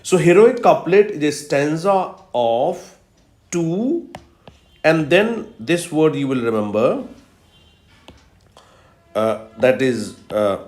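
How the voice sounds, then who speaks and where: Male lecturer, slow and lively in pitch, echoey room. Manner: slow, emphatic teaching with repetitions and fillers. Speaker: English literature lecturer. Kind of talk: recorded video lecture.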